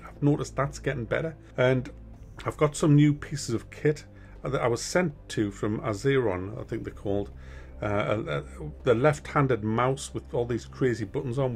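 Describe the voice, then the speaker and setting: A middle-aged man gives viewers a chatty, frank monthly update on his gaming channel, often restarting his sentences. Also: mid-range voice.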